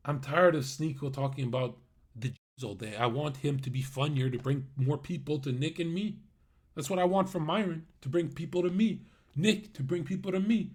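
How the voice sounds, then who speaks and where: A man's voice: fairly high pitch, moderate pace, a little mellow. A man streaming live, ranting at his chat in a brash, mocking way, swearing and laughing at his own jokes. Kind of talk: livestream rant.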